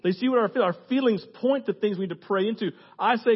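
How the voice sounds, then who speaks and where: Animated high-voiced male pastor preaching. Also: quick pace, breathy edge. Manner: animated, acts out prayers and voices. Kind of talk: sermon. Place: church sanctuary. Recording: dull audio with long church reverb.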